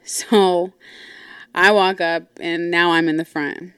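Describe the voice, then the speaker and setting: A woman's voice: on the low side, fairly even intonation, takes it slowly, fairly bright tone, clean tone, no room sound, clean studio sound. A woman host telling a personal story casually, blunt and profane, with lots of asides. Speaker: podcast host.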